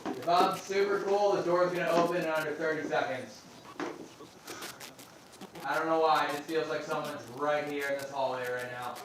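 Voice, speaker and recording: A nervous man ghost hunting with friends and quietly reporting strange sounds. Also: a little high, normal speed, noisy background. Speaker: paranormal investigator. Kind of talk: casual ghost hunting chat. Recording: very echoey hallway, far from the mic.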